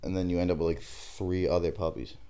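A man's voice: sits low, level tone, fairly quick, a crowd in the background. A young man co-hosting a podcast, laid-back and a little defensive, with sarcastic casual banter. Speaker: podcast co-host.

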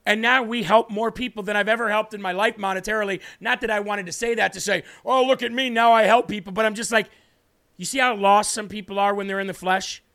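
High, bright-voiced preachy male host. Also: fairly even intonation, fast. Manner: emphatic, preachy, answers viewer comments. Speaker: host of a Christian talk show. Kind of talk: impassioned faith talk to viewers.

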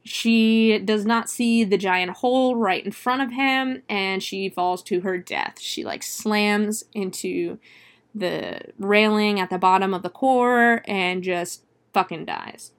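A woman's voice: medium pitch, slow pace. A woman casually retelling a movie plot in a chatty, profane way, full of fillers and laughs. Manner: laughs often while retelling. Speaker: film reviewer.

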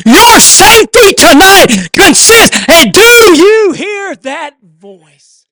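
A man preaching a sermon in a church, swelling to emphatic shouts and then dropping to a low, hushed delivery. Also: big pitch swings, slow, no echo, clean studio sound.

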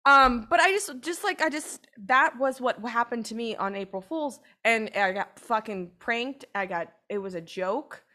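A woman's voice: a little high, expressive, normal speed, few pauses, bright, forceful tone. A woman co-hosting a podcast, telling a long, rambling story in casual chat and swearing freely. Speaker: podcast co-host.

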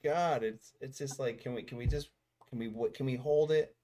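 A man's voice: mid-range voice, moderate pace, crowd noise. Male podcast co-host, casual, rambling, exasperated, laughs a lot. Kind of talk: casual chat.

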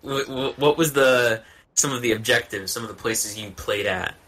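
A man's voice: mid-range voice, moderate pace, bright, forceful tone. A man hosting a casual chat, asking questions and summing up the answers. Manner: asks questions, sums up answers. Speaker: podcast host.

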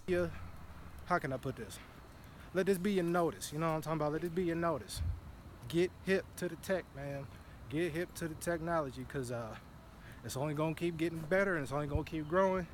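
A man talking casually in an earlier video clip, excited and rambling. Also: a little high, fairly quick, slight background noise. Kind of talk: casual talk in his own earlier video.

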